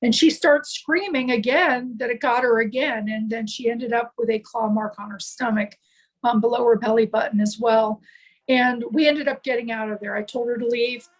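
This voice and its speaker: A woman's voice: fairly high pitch, steady tone, normal speed, rough recording. A middle-aged woman guest telling a personal story in an interview, earnest and rambling, with many restarts and fillers. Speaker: guest, paranormal consultant.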